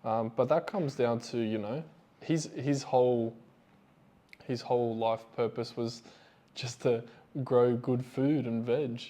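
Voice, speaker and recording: Casting note: male podcast co-host, warm mellow tone, relaxed and thoughtful. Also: medium pitch, slow pace. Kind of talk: casual chat.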